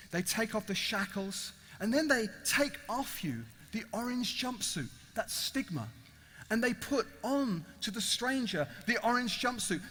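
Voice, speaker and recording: A man's voice: extremely high pitch, bright, forceful tone. A man preaching an evangelistic sermon as a dramatic, emphatic storyteller. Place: large event hall. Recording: echoey large hall.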